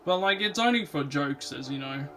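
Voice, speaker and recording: Rambling, excitable young man. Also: fairly high pitch, normal speed, faint music behind. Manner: rambling, full of "like" and "um", enthusiastic. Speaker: vlogger. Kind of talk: casual movie chat.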